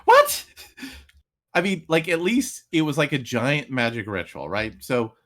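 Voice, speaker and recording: A man co-hosting a casual podcast chat, sarcastic and mocking as he picks apart a movie. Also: medium pitch. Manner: sarcastic, animated, mocks scenes with quick voice shifts. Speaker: podcast co-host.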